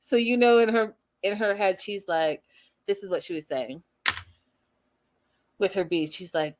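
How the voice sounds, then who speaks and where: A young woman hosting a casual reality TV recap, sassy and animated, acting out the people she talks about. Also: medium pitch, unhurried, pauses often. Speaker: recap show host.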